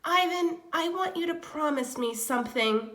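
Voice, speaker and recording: A woman reading aloud and voicing a wise old female elephant who is in pain, speaking wearily and haltingly. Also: sits high, lively intonation, fairly bright tone, pitched above the performer's own voice. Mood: tender.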